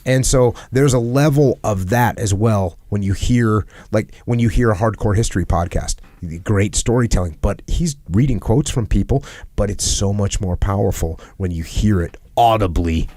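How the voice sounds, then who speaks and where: A middle-aged man with a fairly low voice hosts a podcast in a reflective, conversational tone. He is earnest and often repeats a phrase to drive it home. The recording is dry and close, with no room sound. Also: moderate pace, dark tone, dry recording. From United States. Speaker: podcast host.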